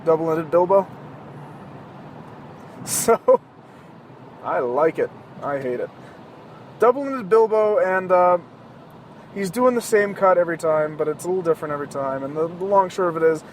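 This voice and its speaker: A man with a notably high-pitched voice rambles casually from the driver's seat, his talk loose, profane and sarcastic. He jokes his way along as soft road noise hums faintly behind him. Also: measured pace, long pauses. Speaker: podcast host. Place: inside a moving car.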